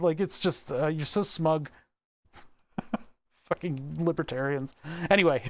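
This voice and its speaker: A man's voice: on the high side, lively intonation, a little slow, long pauses. A man livestreaming, chatting casually while working on electronics, rambling with profane, laughing asides.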